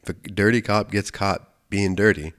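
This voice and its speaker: Male American podcast host, lowish voice, loose profane storytelling, lots of restarts. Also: fairly even intonation, normal speed, fairly bright tone. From United States. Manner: rambling, profane, frequent restarts and self-corrections. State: emotional, near tears at times. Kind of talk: casual storytelling monologue.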